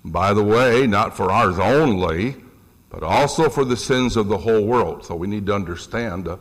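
A middle-aged man preaching a sermon, animated, rising in pitch for emphasis and asking the congregation questions. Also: moderate pace.

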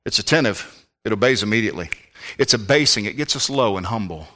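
A man preaching a sermon as pastor, fervent, swinging between shouts and hushed tones. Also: lowish voice, lively intonation, quick pace.

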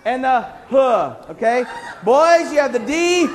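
A man leading a children's church song game, coaxing the kids and singing and shouting cues. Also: very high-pitched, animated, measured pace.

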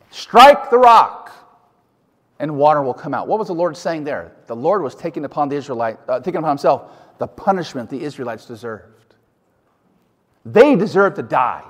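A man preaching a sermon, emphatic, often putting questions to his listeners. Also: a little high. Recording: hall reverb.

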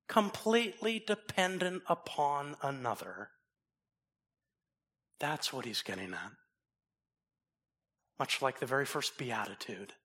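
A pastor preaching from the pulpit in a high, clear, bright voice. He speaks slowly and deliberately and moves between forceful emphasis and soft, low asides. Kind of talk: sermon.

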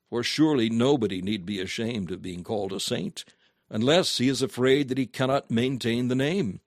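A man reading a sermon aloud in an earnest, measured, emphatic way. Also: mid-range voice, animated, no echo, studio quality. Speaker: preacher.

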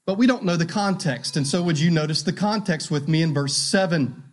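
A man in his thirties preaching a sermon, earnest and emphatic, repeating key phrases and slowing for emphasis. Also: fairly high pitch, expressive. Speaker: pastor.

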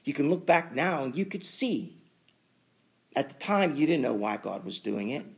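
A man preaching a sermon as pastor, building to emphatic loud peaks and then dropping to quiet asides. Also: medium pitch, sing-song, moderate pace, vocal fry, breathy edge.

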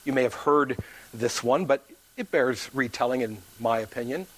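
A man preaching a sermon to his church, telling a story and acting out the people in it. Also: moderate pace. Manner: animated preaching, acts out quoted voices with big pitch swings. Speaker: pastor.

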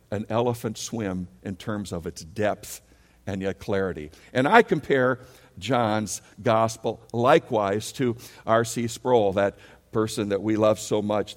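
A man preaching a sermon as pastor, animated and leading his congregation in call-and-response. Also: on the low side, long reverb tail.

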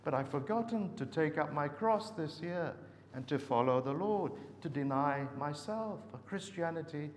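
A man preaching a sermon, earnestly asking searching questions and often pausing with hesitations. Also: on the high side, animated. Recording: long reverb with faint background noise.

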